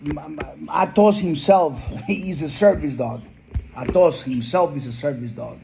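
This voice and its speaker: Man, dog breeder, earnest heartfelt storytelling, slightly high voice, mellow tone. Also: unhurried, creaky, a little hiss or hum, poor audio. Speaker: pit bull breeder. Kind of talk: conversational interview storytelling.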